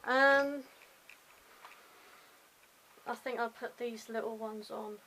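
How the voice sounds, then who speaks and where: Young English vlogger, Hampshire-born with a slight London twang, chatty, bright and a touch high, faint hiss behind. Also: female voice, fairly even intonation, takes it slowly, poor audio. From Hampshire, England. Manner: chatty, rambling, self-mocking asides. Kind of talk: casual daily vlog. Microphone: compact camera mic.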